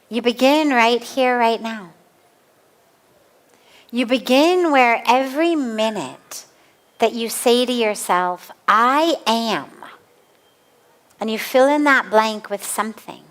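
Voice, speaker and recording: A woman spiritual teacher giving a calm, deliberate spiritual discourse in an outdoor garden. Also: mid-range voice.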